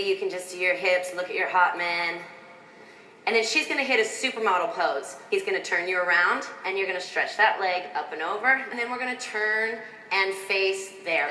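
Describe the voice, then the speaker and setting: A woman choreographer leads a dance lesson, calling counts in rhythm and cheering the dancers on. Her voice is bright and forceful. It rings through a roomy studio with a long reverb tail. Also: medium pitch, distant mic, slight background noise. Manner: upbeat, counts out steps in rhythm, coaching dancers. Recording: echoey room with long reverb.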